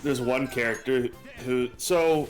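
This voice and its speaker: A young man co-hosting a live gaming stream, chatting in a lively way and laughing easily. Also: medium pitch, slow pace, soft background music, poor audio. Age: young adult. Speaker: livestream co-host. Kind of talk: casual chat on a gaming stream.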